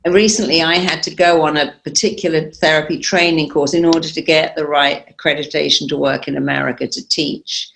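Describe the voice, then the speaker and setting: A woman's voice: low voice, brisk, gravelly, hardly any pauses. A middle-aged woman therapist being interviewed, telling stories with an emphatic, confident manner. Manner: emphatic, confident, animated retelling. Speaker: therapist and guest. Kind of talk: conversational interview storytelling.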